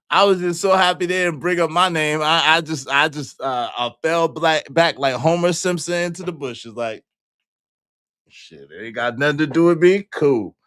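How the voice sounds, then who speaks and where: A man hosting a casual livestream, reading viewer comments and joking in repeated denials, jumping between loud high exclamations and low mutters. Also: dry recording, clean studio sound. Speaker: livestream host.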